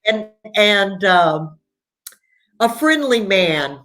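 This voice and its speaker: Woman, author guest, casual interview, warm storytelling, video call. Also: medium pitch, sing-song, very slow, soft background music.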